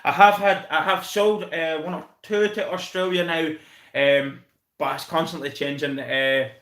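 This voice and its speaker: A man's voice: on the high side, fairly even intonation, measured pace, a bit bright, echoey room. A Scottish man hosting a casual live stream, chatting with viewers, thanking them by name and calling them mate. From Scotland. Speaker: channel host reviewing football.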